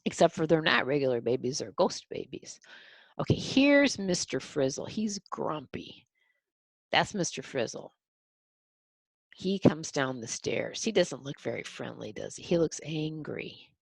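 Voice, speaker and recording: A woman reads a children's picture book aloud and stops to talk through each picture. Her low voice is husky with a gravelly edge and moves up and down a lot. The sound is dry and close. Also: sing-song, unhurried, no echo. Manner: explains the pictures to young listeners. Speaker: storybook reader.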